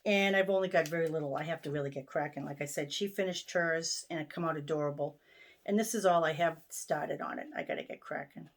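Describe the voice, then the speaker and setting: A woman with a Boston accent talks through her craft projects in a relaxed, rambling way, full of ums and quick restarts. Her voice sits a little low. She is recorded at home in her sewing room. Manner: chatty, many ums and restarts. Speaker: stitching vlogger. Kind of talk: casual show-and-tell chat.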